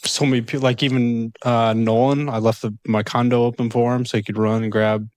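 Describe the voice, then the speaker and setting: A man's voice: medium pitch, level tone, a little mellow, dry recording. Man chatting loosely in a dry studio. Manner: halting, loose, restarts often. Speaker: podcast co-host. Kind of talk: casual chat.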